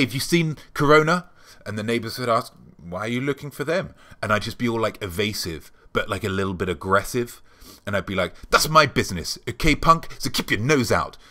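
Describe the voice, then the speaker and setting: Bright-toned man rambling comically. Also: sits low. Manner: rambling, deadpan, with many filler ums. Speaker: show host. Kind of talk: comic monologue.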